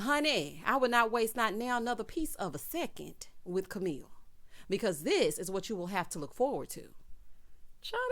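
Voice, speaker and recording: A woman with a lively, swooping voice, all sass as she recaps a reality show. She throws in quick quips and mimics the people she talks about. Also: medium pitch. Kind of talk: casual commentary.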